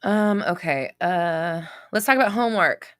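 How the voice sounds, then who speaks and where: A woman's voice: on the low side, animated, moderate pace, fairly bright tone. Blunt, profane woman streamer. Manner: blunt and profane, reads viewer comments aloud. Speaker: live stream host. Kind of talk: casual live Q&A chat.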